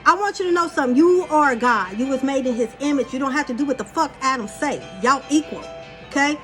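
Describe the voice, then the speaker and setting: A woman's voice: high voice, fast talker, soft background music, lightly acted. Brash female serpent tempter, pushy and crude, put on by a woman. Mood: persuasive. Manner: brash, mocking, streetwise.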